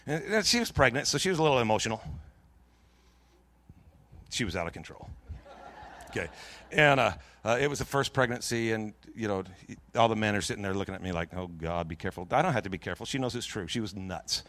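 A middle-aged man preaching in a church, telling a long personal story in a jokey, lively way with many restarts. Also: lowish voice, fast, pauses often. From Pacific Northwest of the US. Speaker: pastor. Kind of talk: storytelling sermon.

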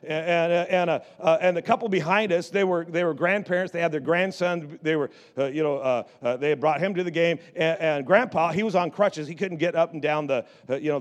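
A male pastor telling a story in his sermon. He is animated and often repeats words and restarts his sentences. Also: fairly high pitch.

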